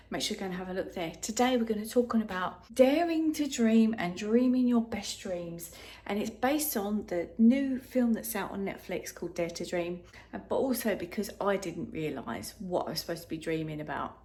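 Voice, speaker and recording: A middle-aged woman talks straight to camera in a relaxed motivational vlog. She rambles, digresses, and bounces into quoted voices of friends and family. Her voice sits at an ordinary pitch for a woman, with a faint hiss of noise behind her. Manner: chatty, digressive, lively quoting of others. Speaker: vlogger and life coach.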